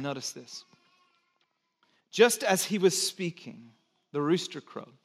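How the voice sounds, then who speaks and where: A male pastor preaching a sermon in a church, slow and emphatic with dramatic pauses. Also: high-pitched. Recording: long church hall reverb.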